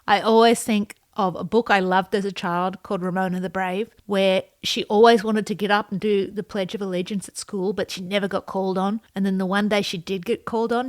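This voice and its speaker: A woman's voice: mid-range voice, steady tone, a little fast, few pauses. A woman in her thirties chatting through a personal vlog, playful, with dry asides and the odd whispered joke. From non-US, immigrant to the USA. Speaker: vlogger. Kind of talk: casual personal vlog narration.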